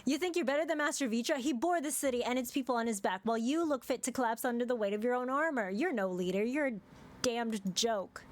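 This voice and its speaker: A woman quickly reading out a townsperson's scornful put-down of a would-be ruler. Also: on the high side, close to an everyday voice. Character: scornful townsperson mocking a pretender.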